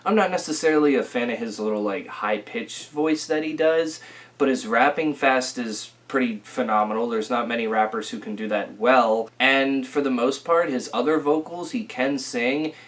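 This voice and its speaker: A young man giving a casual, rambling album review, full of fillers and restarts, a little rough from a recent illness. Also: medium pitch, moderate pace, fairly bright tone. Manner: rambling, filler-heavy, self-correcting. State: recovering from illness, occasional coughing.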